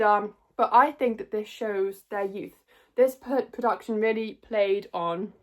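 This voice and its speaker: A young woman giving a casual, rambling spoken review, often correcting herself and trailing off. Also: mid-range voice. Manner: rambling, self-correcting, chatty. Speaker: theatre reviewer.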